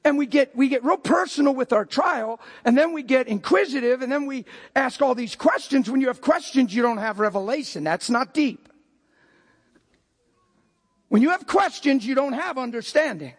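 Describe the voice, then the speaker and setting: An older man preaching a sermon as pastor, breaking into sudden shouted outbursts between plain talk. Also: very high-pitched, lively intonation, moderate pace, slightly rough.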